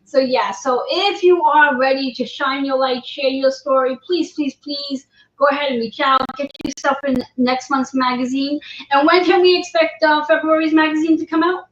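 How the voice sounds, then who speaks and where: A woman's voice: sits high, steady tone, normal speed. A woman hosting a livestream interview, chatty and encouraging, often repeating her words. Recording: roomy, dull lo-fi livestream audio.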